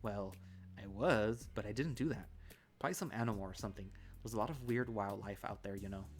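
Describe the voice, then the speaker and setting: A man voicing a big, brash male wolf who teases loudly in a story reading. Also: fairly low pitch, fairly quick, husky, faint music behind. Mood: casual. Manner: loud, laughing, playful.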